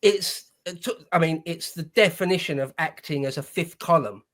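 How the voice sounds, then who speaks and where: A man's voice: fairly high pitch, moderate pace, fairly bright tone. A man hosting casual political commentary, heated and indignant, swearing as he vents.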